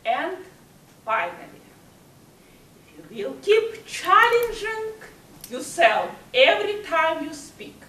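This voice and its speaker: A woman leading speaking exercises at a public speaking club, talking slowly and emphatically with swooping pitch. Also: big pitch swings, pushed and bright. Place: meeting hall. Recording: echoey hall from far off, faint hiss.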